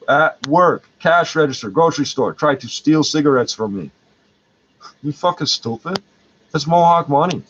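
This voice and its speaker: A man's voice: mid-range voice, highs cut off, slight background noise. A man in pain, ranting in a rambling, heated and profane way. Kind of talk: angry rambling rant.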